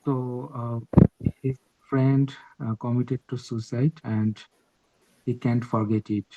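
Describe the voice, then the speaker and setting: A man on a mobile phone reading a practice hotline script aloud in a training session, pausing with "uh" fillers when he speaks freely. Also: mid-range voice, steady tone, warm tone, no room sound. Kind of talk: reading a role-play script aloud, then answering. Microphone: mobile phone on a video call. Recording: dull, dry phone audio.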